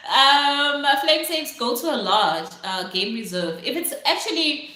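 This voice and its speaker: A young woman with a South African accent chats casually to her livestream viewers, reading their comments aloud. Her voice is bright and forward, and her talk is full of "like" and "literally". The room around her rings with strong echo. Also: high-pitched, expressive, measured pace. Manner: chatty, many fillers like "like" and "literally", reads out viewer comments. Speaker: livestream host. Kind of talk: casual live-stream chat. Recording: very echoey room.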